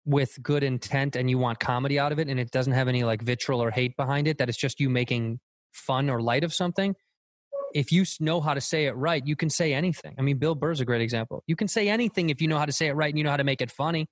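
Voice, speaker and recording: Animated man in casual chat. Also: medium pitch, fast talker, no echo. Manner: loose, animated, swears casually. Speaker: guest comedian.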